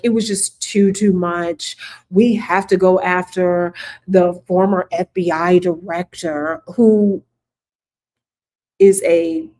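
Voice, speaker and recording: A woman's voice: mid-range voice, darkish tone. A woman hosting casual political commentary, sarcastic and emphatic, repeating her points for the viewers.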